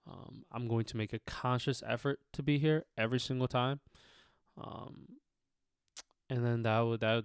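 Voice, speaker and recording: Male sports streamer, casual and profane, smooth clear voice in a dry small room. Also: medium pitch, no room sound. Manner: rambling, profane, many fillers. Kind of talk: casual live-stream chat.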